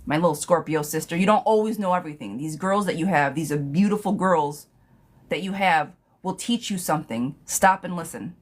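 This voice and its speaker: A woman's voice: sits low, normal speed. A young woman reading tarot on a live stream, casual and sassy, who laughs often and swears freely.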